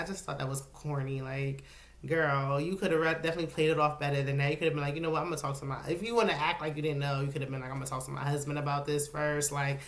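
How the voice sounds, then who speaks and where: A woman hosting a casual, opinionated reality TV recap, clearing her throat and coughing now and then. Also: low voice. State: coughing, with a lozenge in her mouth. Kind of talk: casual chat. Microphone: solo recording setup.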